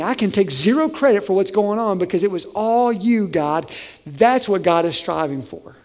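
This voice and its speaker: A male pastor preaching a conversational, animated sermon in a church sanctuary. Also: sits high. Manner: conversational, animated, acts out voices. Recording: long hall reverb.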